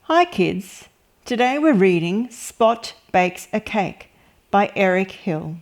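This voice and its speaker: A woman reads a picture book aloud for young children, taking her time over every line. Her delivery is gentle and expressive, at an unhurried pace and an ordinary middle pitch. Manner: slow, gentle, expressive storytelling. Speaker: children's story reader.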